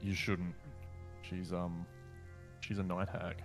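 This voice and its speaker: A man's voice: low-pitched, level tone, slow pace, soft background music. A man playing in a tabletop game, talking casually with dry, blunt remarks. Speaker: player.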